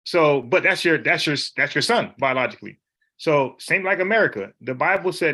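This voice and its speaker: Bright-voiced man teaching the Bible. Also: a little high, expressive, normal speed. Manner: emphatic, conversational, slangy.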